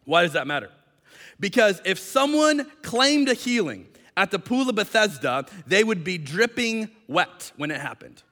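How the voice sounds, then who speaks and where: A male pastor preaching with a high, bright voice, animated and quick to act out the people in his story. His voice carries the long reverb of a large hall. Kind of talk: sermon. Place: church hall.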